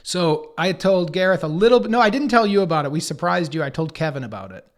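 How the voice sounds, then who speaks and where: A comedian and podcast co-host, a man, telling anecdotes in an animated way and acting out other people's lines. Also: sits high. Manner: acts out others' lines in quick put-on voices; swears casually, riffs fast.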